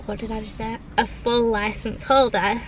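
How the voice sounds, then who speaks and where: A woman's voice: fairly high pitch, little pitch movement, moderate pace, slight background noise, rough recording. A young woman chatting casually in her parked car, rambling with lots of "like"s. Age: young adult. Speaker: vlogger. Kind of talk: casual chat.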